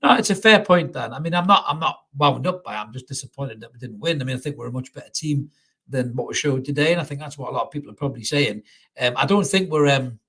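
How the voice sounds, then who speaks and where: A man hosts a live football reaction stream with a somewhat husky, breathy voice. He talks casually, with a few fillers and curses, and stops now and then to read and answer viewer comments. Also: medium pitch, animated, quick pace, fairly bright tone. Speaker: fan channel host.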